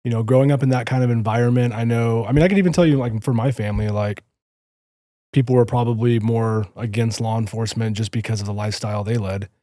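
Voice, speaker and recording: A man's voice: mid-range voice, fairly even intonation, quick pace, warm tone, no echo, studio quality. A man hosting a podcast, asking curious, loosely phrased questions of his guest. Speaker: podcast host. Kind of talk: interview questions.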